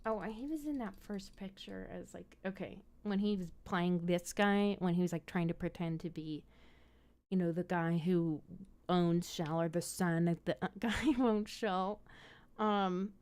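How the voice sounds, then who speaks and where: A woman's voice: lowish voice, unhurried, a little mellow. A woman hosting a casual movie chat, giggly and rambling as she thinks aloud. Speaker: host.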